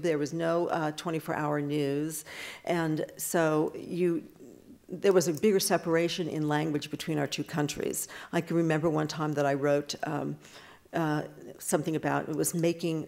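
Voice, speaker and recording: Low gravelly older woman, chatty. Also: a little mellow. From United States. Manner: chatty, with frequent restarts and quick asides. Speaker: author answering audience questions. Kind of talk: casual talk at a book event.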